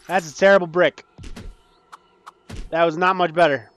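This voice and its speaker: A man casually commenting on his own gameplay, swinging between low muttering and frantic panicked outbursts. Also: steady tone, moderate pace, a bit bright, slight background noise. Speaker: gaming channel host.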